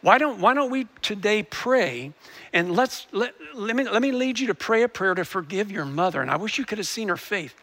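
A man's voice: high voice, animated, normal speed, fairly bright tone. A male pastor preaching a sermon, earnestly telling a story and often restarting his sentences.

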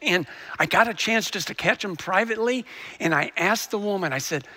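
A man's voice: high-pitched, animated, a little fast, bright, forceful tone. A male pastor preaching a sermon, earnestly telling a story and often restarting his sentences.

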